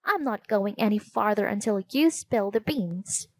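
A woman's voice: medium pitch, animated, unhurried, a little mellow, dry recording. Woman reading as an outspoken curious girl. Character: impatient girl, outspoken friend.

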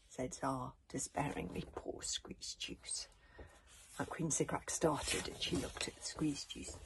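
A woman with a husky voice giving a hushed, breathy whispered storybook reading of a children's novel. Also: extremely low pitch, steady tone, measured pace. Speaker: reader.

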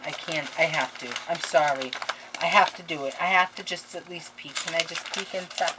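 A woman vlogger opening crafting mail on camera, gushing, excitable and talking straight to her viewers and the senders. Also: deep voice, fairly quick, background noise. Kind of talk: casual unboxing chat to camera.

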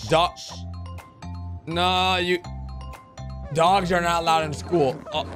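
A young man hosting a gaming channel, giving excitable reaction commentary with lots of exclamations and "bro". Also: on the high side, slow pace, music in the background. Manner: animated, exclaiming, calls viewers bro.

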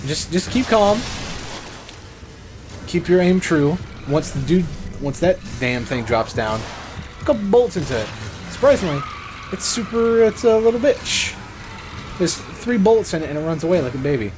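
A man's voice: on the high side, normal speed. Rambling young man commentating a game. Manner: rambling, excitable, swears. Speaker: gamer. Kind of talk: let's play commentary. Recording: noisy background ambience.

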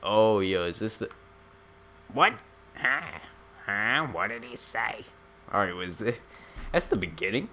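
A man's voice: on the low side, very animated, measured pace, long pauses, pushed and bright, a little hiss or hum. A young man giving casual, joking gameplay commentary as a gaming YouTuber, rambling and slangy.

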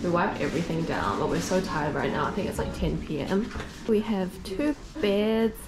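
A young woman in her twenties vlogging her travels into a handheld phone, chatty and excitable. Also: lowish voice, normal speed. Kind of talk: casual travel vlog. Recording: loud music under the voice.

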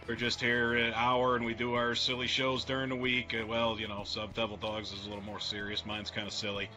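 A man's voice: medium pitch, completely flat delivery, fairly quick, pushed and bright, faint music behind, poor audio. A man co-hosting a casual radio roundtable, joking and playful as he plugs his own segment. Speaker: co-host.

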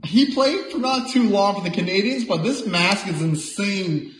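A man's voice: high voice, expressive, normal speed, a bit bright. A man hosting a live goalie mask auction stream, joking and pushing buyers in sales patter. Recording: echoey room, faint noise.

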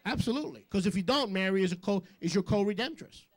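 A man preaching a sermon as a rabbi, joking with quick asides and questioning the congregation. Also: high voice, lively intonation. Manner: jokey, rapid asides, call-and-response questions.

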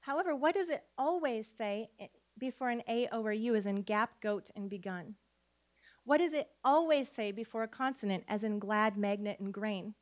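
A woman's voice: a little high, moderate pace. A middle-aged woman giving a conference talk on phonics, teaching spelling rules by quizzing the audience with rhetorical questions. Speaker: literacy educator and conference speaker. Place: conference room before an audience.

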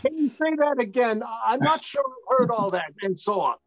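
A man's voice: very high voice, lively intonation, moderate pace, lo-fi sound, faint music behind. An actor playing a fussy, jovial older landowner who pads his sentences with "and so on", in an amateur remote stage play. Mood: overjoyed. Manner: rambling, tacks on "and so on". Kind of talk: amateur stage acting over video.

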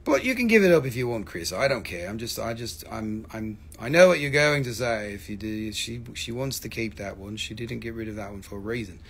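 A middle-aged man runs a live-stream rock sale in loose sales chat. His voice is gravelly and rough. He talks excitably, hyping each stone and swearing casually. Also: on the low side, brisk, few pauses.

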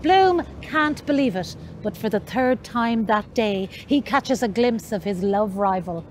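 A woman introducing and reading a literary passage in a slow, explanatory way. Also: fairly high pitch, animated, darkish tone, a little hiss or hum. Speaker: narrator.

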